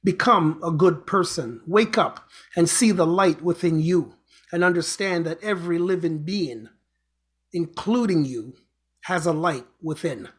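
A man's voice: a little high, measured pace, slightly rough. A man hosting an inspirational show, giving an earnest motivational talk with repeated exhortations and a told fable. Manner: earnest, repetitive urging, exhortations.

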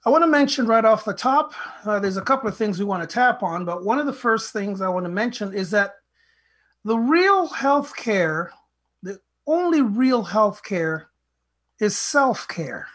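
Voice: medium pitch, expressive, a little slow, fairly bright tone. A podcast host giving an earnest, motivational talk that is full of rhetorical questions and direct advice to listeners. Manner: earnest, preachy, asks many rhetorical questions; retells a fable in plain speech.

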